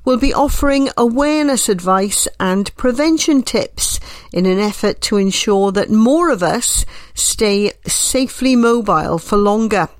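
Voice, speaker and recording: A woman with a slightly nasal voice, presenting a hospital radio show from home in a gentle, reassuring way. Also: mid-range voice, lively intonation, measured pace.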